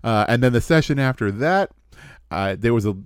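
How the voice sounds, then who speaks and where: Animated, self-mocking podcast co-host man. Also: mid-range voice, normal speed, clear, resonant tone, no room sound, clean studio sound. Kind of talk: casual chat.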